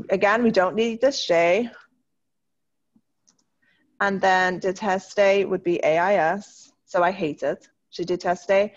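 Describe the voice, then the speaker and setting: Woman, French teacher on a video call, upbeat and encouraging, mid pitch, slightly muffled audio. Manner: upbeat, encouraging, slows down to model French words. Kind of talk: online class, correcting student writing.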